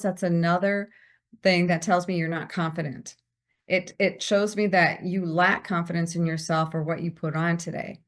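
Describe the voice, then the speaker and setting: A woman speaking as a podcast guest, giving lively career advice and acting out bits of small talk. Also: on the low side. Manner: animated, acts out quoted small talk. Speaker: guest, visibility strategist.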